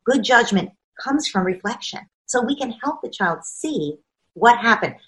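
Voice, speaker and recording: A woman with a slightly high voice, talking through parenting ideas as an expert guest in an interview. She explains with emphasis and slips into the voices of parents and children to make her points. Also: expressive, unhurried, fairly bright tone, poor audio. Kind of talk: conversational interview.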